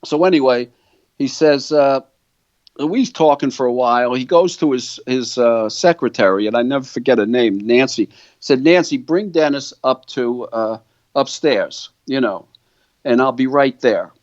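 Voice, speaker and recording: A man's voice: mid-range voice, a little slow, no room sound, lo-fi sound. An older man, a guitar company founder telling a long story in an interview, acting out what others said. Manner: animated storyteller, quoting others' words.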